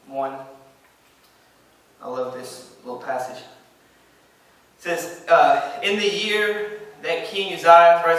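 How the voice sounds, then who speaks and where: Man preaching, fairly high bright voice, emphatic and repetitive, echoey church room, heard from a distance. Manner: emphatic, repeats phrases, reads scripture aloud. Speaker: pastor. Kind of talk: sermon. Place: church sanctuary.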